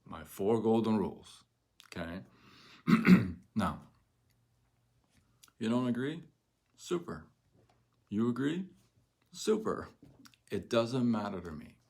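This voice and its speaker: Slow, low-voiced man giving a pep talk. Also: expressive, dark tone. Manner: emphatic, repeats phrases for effect. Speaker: network marketing coach. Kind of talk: motivational livestream talk.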